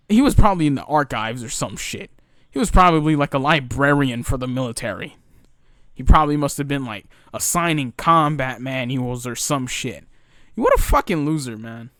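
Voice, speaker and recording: Slightly high and a bit bright, this young man's voice carries a casual, profane rant about the retail job he used to have. He tells stories with frequent fillers and restarts his sentences often. The audio is clean studio sound with no echo.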